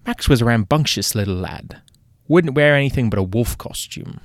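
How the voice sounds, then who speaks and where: A man's voice: mid-range voice, animated, no echo, clean studio sound, lightly acted. A man voicing a British gangster's right-hand man with a put-on British accent, telling a long, theatrical tale. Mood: storytelling. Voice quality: theatrical, drawn-out storytelling.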